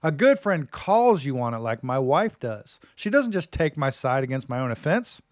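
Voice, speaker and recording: A man's voice: mid-range voice, very animated, moderate pace, no room sound, studio quality. A man teaching from the Bible on his live stream in a casual, folksy way, often saying "man" and "dude".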